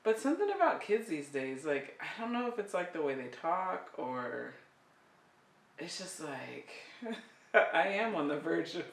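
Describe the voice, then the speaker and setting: Mom co-hosting a podcast, laughs a lot, roomy sound, sits back from the mic. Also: female voice, lowish voice, measured pace, creaky, distant mic. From California. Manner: laughing, animated storytelling. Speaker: podcast co-host, parent. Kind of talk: casual chat. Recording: echoey room, off-mic.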